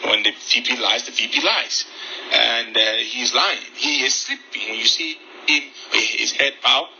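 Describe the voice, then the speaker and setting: A man delivers mocking, accusatory political commentary in a very bright voice of middling pitch. The recording is muffled and lo-fi. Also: gravelly, a little hiss or hum. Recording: muffled lo-fi audio.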